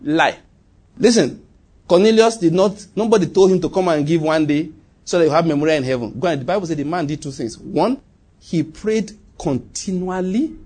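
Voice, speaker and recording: Emphatic preacher, husky man. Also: a little high, a little fast. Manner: emphatic, repeats phrases, swings from loud to quiet. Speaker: pastor. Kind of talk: sermon.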